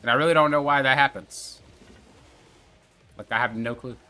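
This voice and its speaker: Bright-voiced young man coaching gameplay. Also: mid-range voice, moderate pace. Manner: casual, repetitive, coaching viewers step by step. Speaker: gaming channel host. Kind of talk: gameplay tutorial commentary.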